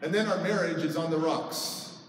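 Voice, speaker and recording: A man's voice: a little high, moderate pace, a little hiss or hum. A middle-aged man giving a personal storytelling speech at a conference, emotional, his voice rising sharply when he retells arguments. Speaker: conference speaker. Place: large conference hall. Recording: echoey hall, heard from far off.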